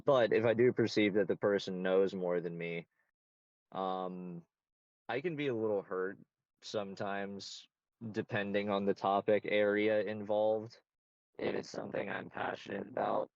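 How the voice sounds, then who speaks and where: A man's voice: fairly low pitch, steady tone, unhurried, no echo, muffled recording. A man answering interview questions in casual conversation, candid, blunt and self-assured.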